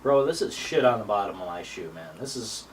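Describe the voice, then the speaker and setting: A man's voice: on the low side, lively intonation, fairly quick. A man chatting casually on a live stream, swearing and using slang as he agrees with the host. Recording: distant mic with faint noise.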